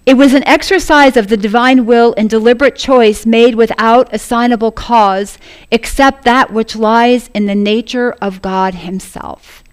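Woman preacher, earnest sermon delivery, laughing often, fairly high voice. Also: unhurried, clean tone. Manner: earnest, laughs often, addresses congregation as family.

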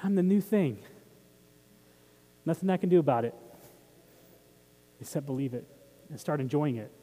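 A man's voice: fairly high pitch, animated, normal speed, warm tone, big-room sound. A man preaching a sermon as pastor, talking in a conversational way and putting questions to the congregation. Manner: conversational, asks the audience questions.

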